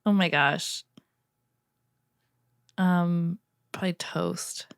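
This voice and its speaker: Low-voiced woman, skeptical and blunt, dry close sound, chatty podcast. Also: steady tone, extremely slow, gravelly, clear, resonant tone, no room sound. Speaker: podcast co-host and first-time reader. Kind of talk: casual book-club chat.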